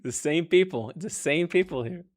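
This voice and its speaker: An Israeli man hosting a casual live stream, teasing strangers with quick, provocative banter. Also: a little high, animated, very noisy.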